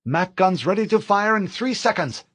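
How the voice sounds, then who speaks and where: A man's voice: sits high, expressive, moderate pace, fairly bright tone, no echo, voice pushed up. A man voicing a cold, angry female lieutenant. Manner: cold, crisp reports.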